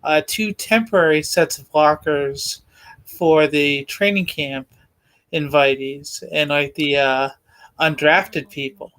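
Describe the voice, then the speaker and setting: A man co-hosting a sports podcast, explaining calmly in casual chat. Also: fairly high pitch, takes it slowly, smooth. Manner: calm explainer with many short backchannels.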